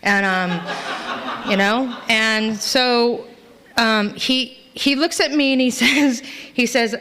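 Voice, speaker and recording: A middle-aged woman from Los Angeles telling her personal story to a live meeting, candid and self-mocking, acting out past scenes in high voices. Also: takes it slowly, sharp tone. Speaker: recovery meeting speaker. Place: meeting hall.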